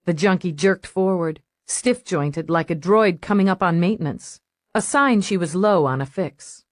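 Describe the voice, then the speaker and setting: A woman reads a crime novel aloud in a steady, measured storytelling manner. Her voice sits on the low side and the close studio recording is dry, with no room sound. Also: dry recording. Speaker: audiobook narrator. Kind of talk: scripted narration.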